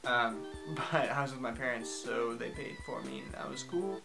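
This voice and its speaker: A young man recaps his tour day in a chatty voice, laughing between his sentences. He speaks at a middle pitch, and music plays clearly under him. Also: animated, moderate pace, rough recording. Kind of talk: casual vlog recap.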